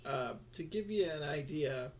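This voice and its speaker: A man co-hosting a podcast in casual chat, steady and steering the talk, with dry humor and many fillers. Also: a little high, a little slow, slight background noise. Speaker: podcast co-host.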